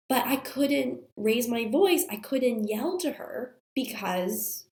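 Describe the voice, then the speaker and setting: A woman's voice: a little high, animated, measured pace, hardly any pauses, darkish tone. Woman host in her thirties, under the weather, confessional storyteller, recorded in an echoey room. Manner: chatty and confessional, many fillers. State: sick, strained voice. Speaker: podcast host. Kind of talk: candid storytelling monologue. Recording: roomy echo.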